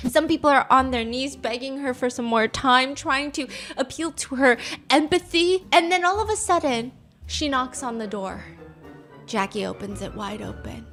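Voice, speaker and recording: A young woman hosting a casual storytelling podcast, animated and laughing as she acts out quotes. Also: high voice, normal speed, soft background music. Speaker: podcast host.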